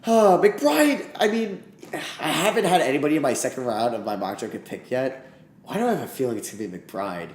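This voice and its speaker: Excitable man reacting live, echoey room. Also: mid-range voice, quick pace, slight background noise. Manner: excitable, emotional, swears when upset. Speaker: streamer doing a live reaction.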